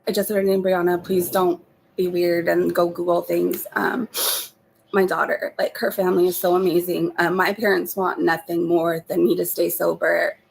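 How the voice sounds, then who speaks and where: A woman speaking softly in a confessional vlog, sniffly from holding back tears, with halting pauses. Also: on the low side, level tone, vocal fry, slight background noise, rough recording. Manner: soft, halting, many fillers. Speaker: vlogger.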